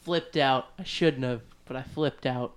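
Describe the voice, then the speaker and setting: A man's voice: mid-range voice, unhurried, smooth. A man on a casual radio chat, recounting a blow-up in a rambling way and acting out the quotes. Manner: rambling, acts out quotes with shouting. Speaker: podcast regular telling a story.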